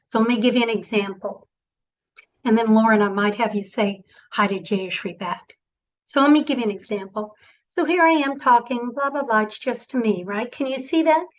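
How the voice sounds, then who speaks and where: A woman's voice: a little high, highs cut off. A woman coaching presenters in an online workshop, encouraging and directive, speaking over a video call.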